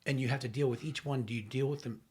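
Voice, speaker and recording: A podcast host with an Ontario Canadian accent, asking his guest questions. He muses aloud with a few fillers, at an ordinary pitch for a man. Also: steady tone, fast talker. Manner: musing, asks questions with fillers. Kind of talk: podcast interview conversation.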